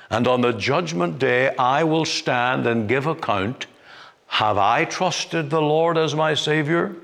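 A man preaching a sermon in a measured, deliberate way, rising to emphatic peaks. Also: mid-range voice, vocal fry, a bit bright. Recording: long reverb, like a church hall.

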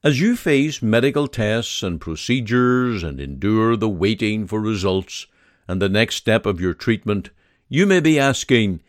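A man reads a devotional message and prayer at an unhurried, measured pace. His pitch rises and falls expressively while the tone stays solemn. The recording is dry, with no room sound. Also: no echo. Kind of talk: scripted devotional reading and prayer.

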